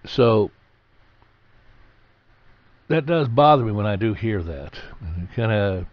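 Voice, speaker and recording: A man's voice: on the low side, lively intonation, takes it slowly, no echo. A man teaching from the Bible in a conversational sermon, plain-spoken and repeating key phrases for emphasis. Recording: dull lo-fi recording.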